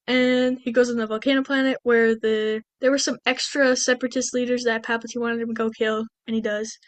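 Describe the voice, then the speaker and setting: A woman's voice: on the high side, flat delivery, fairly quick, no echo. A woman co-hosting a podcast, recapping a movie in a rambling, chatty way full of restarts. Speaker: podcast co-host. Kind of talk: casual movie recap chat.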